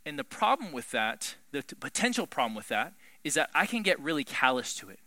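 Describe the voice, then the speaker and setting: A man preaching a sermon in an animated, emphatic way, swinging between loud pushes and hushed lines. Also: a little high, brisk, few pauses, dry recording.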